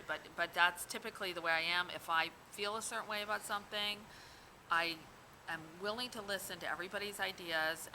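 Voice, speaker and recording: A woman talking casually in a rambling, self-assured way, full of fillers. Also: lowish voice. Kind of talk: casual vlog talk. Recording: noisy background.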